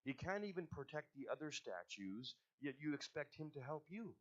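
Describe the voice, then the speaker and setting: A man telling of a calm, bold young prophet. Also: fairly high pitch, moderate pace, lo-fi sound, pitched above the performer's own voice. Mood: calmly reasoning.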